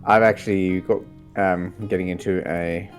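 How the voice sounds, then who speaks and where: A man with a very deep voice chats on a voice call, dropping dry, wry remarks. Faint music plays behind him. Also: steady tone, moderate pace. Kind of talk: casual chat on a voice call.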